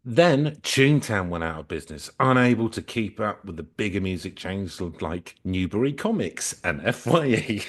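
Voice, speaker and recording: A man co-hosting a comedy podcast, reading a story aloud and joking in a playful, deadpan way. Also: on the low side, normal speed, hardly any pauses. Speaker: podcast co-host.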